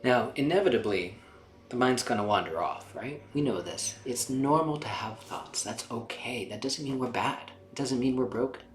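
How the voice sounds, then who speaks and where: Male meditation guide, gentle and soothing, drops to near whispers; roomy sound. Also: medium pitch, normal speed. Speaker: meditation teacher. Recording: roomy sound with faint background music.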